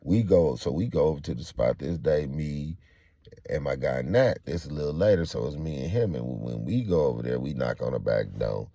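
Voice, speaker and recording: A man with a very low, gravelly voice tells a true-crime story from his own life in a loose, casual way, full of slang, fillers and side remarks. His pitch swings widely as he acts out the people in it. The sound is dry and close. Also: moderate pace, no echo. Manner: acts out quoted people, jumping much higher when excited.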